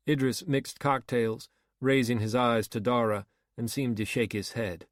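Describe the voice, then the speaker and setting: A man reading a crime novel aloud in a steady, unhurried narration. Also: medium pitch, no room sound, clean studio sound. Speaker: audiobook narrator. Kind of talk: scripted narration.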